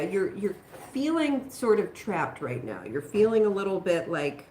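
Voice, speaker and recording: A woman doing a live tarot reading, talking in a reassuring way and thinking aloud with pauses. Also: lowish voice, roomy sound, slight background noise. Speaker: tarot reader.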